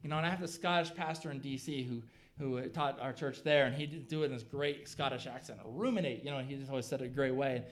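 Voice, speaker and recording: A man's voice: mid-range voice, fairly even intonation, fast. A middle-aged man preaching a sermon, talking casually and building to emphatic peaks. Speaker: pastor.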